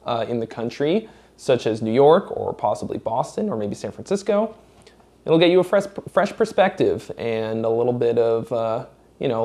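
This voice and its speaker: A man's voice: mid-range voice, mellow. Male vlog host from Massachusetts with no accent; candid, profane, casual Q&A delivery. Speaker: host answering viewer questions. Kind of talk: casual Q&A chat.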